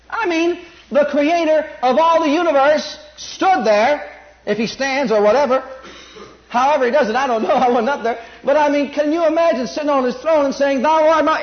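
A man preaching a sermon, emphatic, repeating phrases and building to excited peaks. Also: high voice. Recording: dull lo-fi sermon recording.

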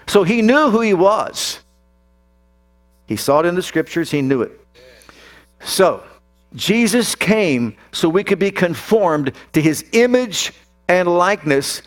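A man preaching a sermon as pastor. His delivery is emphatic, with drawn-out declarations and sudden drops and rises. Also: a little high.

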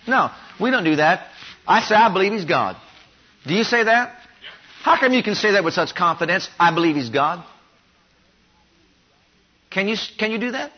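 A man's voice: high-pitched, lively intonation, moderate pace, pauses often, breathy edge. A man preaching a sermon, pressing his congregation with emphatic, repeated rhetorical questions. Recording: dull lo-fi sermon recording.

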